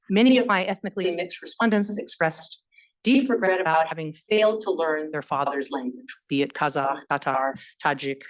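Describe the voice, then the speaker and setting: A woman history professor giving an academic lecture in a measured, explanatory way, often pausing on "um" and "you know". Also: mid-range voice, rough recording.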